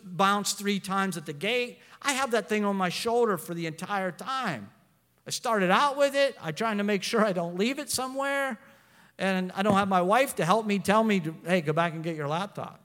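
A middle-aged man preaching a sermon as pastor, animated and storytelling, with frequent restarts. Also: high-pitched, normal speed. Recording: long hall reverb.

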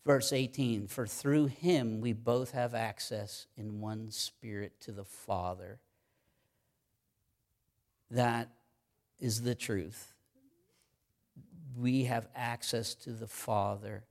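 A man preaching a sermon as pastor, stressing key phrases by repeating them and reading scripture verses slowly and deliberately. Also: fairly low pitch, fairly even intonation, a little mellow.

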